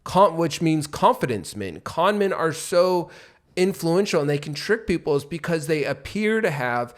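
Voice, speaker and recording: A man co-hosting a business podcast, coaching listeners in an animated way. His voice sits a bit high for a man. He acts out rising and falling tones as he explains. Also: moderate pace. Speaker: podcast co-host.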